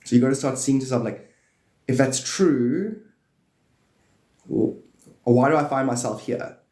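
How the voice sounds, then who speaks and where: A man hosting a live stream, rambling playfully about spirituality and now and then jumping into high excited bursts. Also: measured pace. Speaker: livestream host. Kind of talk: rambling spiritual livestream talk. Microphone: phone or desk mic on a live stream. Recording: echoey room.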